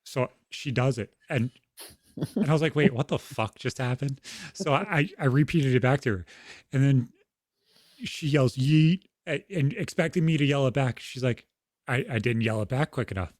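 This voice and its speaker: A man's voice: medium pitch, moderate pace, a little mellow, no echo, studio quality. Frank, foul-mouthed young man. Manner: frank, heavy swearing, storytelling. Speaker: podcast co-host. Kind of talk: casual podcast conversation.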